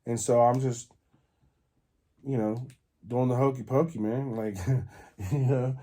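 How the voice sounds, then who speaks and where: Mellow-voiced man telling a rambling story. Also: medium pitch, slow pace. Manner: rambling, many fillers and restarts. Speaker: podcast host. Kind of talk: casual storytelling.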